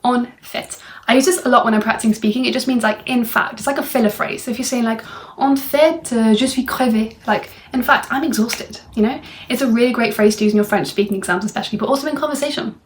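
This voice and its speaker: A woman's voice: fairly high pitch, quick pace. A young woman from England giving a casual French phrase lesson, chatty and full of fillers. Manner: chatty, many fillers like "like" and "you know". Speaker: French tutor. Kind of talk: casual language lesson video.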